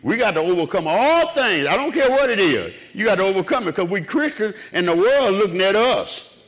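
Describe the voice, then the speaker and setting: A man preaching a sermon, swinging from low, quiet murmurs up to raised cries. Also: very animated, brisk.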